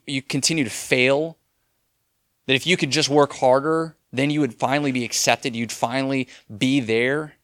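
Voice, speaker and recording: A man's voice: mid-range voice, fairly bright tone, no room sound. Earnest young male preacher, dry sound. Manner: earnest, conversational preaching with frequent restarts. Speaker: pastor. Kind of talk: sermon.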